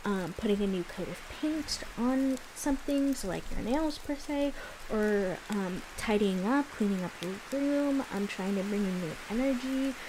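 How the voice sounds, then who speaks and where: A woman's voice: medium pitch, darkish tone, a little hiss or hum, low-quality recording. A young woman giving a casual tarot reading, explaining the cards in a chatty way. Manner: chatty, explaining as she goes. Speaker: tarot reader.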